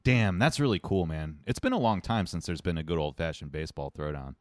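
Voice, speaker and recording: Super low voiced guy, swings his pitch around a lot, dry close mic, jokey and sardonic. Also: brisk, dry recording. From United States. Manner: sardonic, joking, animated storytelling. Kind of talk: casual chat.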